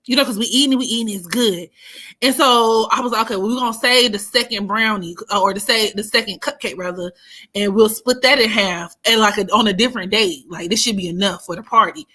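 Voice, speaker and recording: A woman, telling a story in a casual chat, animated and profane, often laughing. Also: mid-range voice, brisk. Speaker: astrology streamer.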